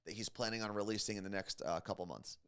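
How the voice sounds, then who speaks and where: A man's voice: lowish voice, fast, smooth. A man co-hosting a morning radio show, chatting casually and rambling with lots of fillers. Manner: relaxed, rambling, many fillers.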